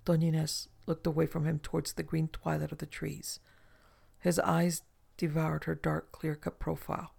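A narrator reading a romantic adventure novel aloud in measured, even storytelling. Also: medium pitch, vocal fry, husky. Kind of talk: audiobook narration.

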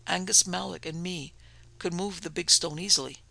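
Old gamekeeper, seventies, deferential; male narrator doing it, fry-heavy, slightly raised pitch. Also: fairly even intonation, moderate pace, sharp tone, dry recording, heavily acted. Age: 70s. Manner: homely, deferential. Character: old Scottish male gamekeeper, plain and respectful. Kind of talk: audiobook character voice.

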